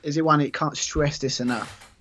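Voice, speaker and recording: A man's voice: on the high side, steady tone, moderate pace, fairly bright tone, slight background noise. A man co-hosting a casual game session, chatting and teasing his partner with stumbling restarts. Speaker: co-host.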